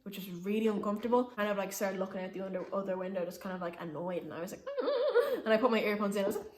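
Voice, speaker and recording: A young woman tells a story in a casual, chatty way, leaning on "like" and slipping in little laughs. Her voice sits in a middle pitch. The room around her has a noticeable echo. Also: fairly even intonation, racing, a little mellow. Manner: chatty, frequent "like", laughing asides. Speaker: vlogger. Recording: roomy echo.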